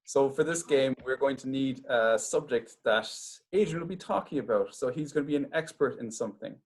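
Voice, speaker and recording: A man improvising a comic story on a video call from home, halting now and then with stammered restarts. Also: mid-range voice. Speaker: improv comedian.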